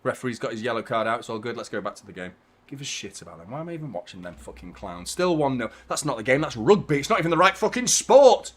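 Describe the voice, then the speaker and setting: A man hosting a live football watchalong, reacting to the match with casual chat, swearing and bursts of shouting at big chances. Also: medium pitch, sing-song, fast talker. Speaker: host of a football watchalong stream.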